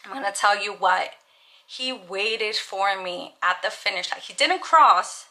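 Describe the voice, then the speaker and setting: A woman's voice: mid-range voice, steady tone, a little slow, bright, forceful tone. A young woman vlogger talking casually and earnestly to camera, peppering her speech with "like". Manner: chatty, earnest, lots of "like". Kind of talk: casual vlog monologue.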